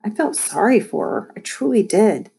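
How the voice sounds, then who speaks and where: A woman reading a children's chapter book aloud, lively storytelling with voiced asides. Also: mid-range voice, moderate pace, gravelly. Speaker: audiobook reader.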